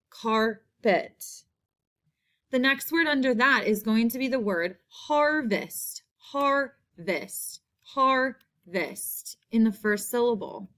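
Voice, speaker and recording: A woman teaches spelling to young children, saying each word over several times in a patient way. Her voice sits a little high. She keeps an unhurried pace. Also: a bit bright.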